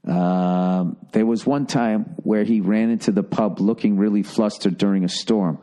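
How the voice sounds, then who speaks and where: A man's voice: fairly low pitch, steady tone, measured pace, warm tone. A man hosting a podcast, reading listener letters aloud and cutting in with blunt, profane, exasperated asides. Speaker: podcast host.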